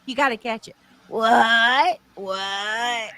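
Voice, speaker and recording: High-pitched giggly woman, slow talker. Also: a bit bright, dry recording. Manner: giggly, mocking, imitating voices. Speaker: co-host. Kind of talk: reaction commentary.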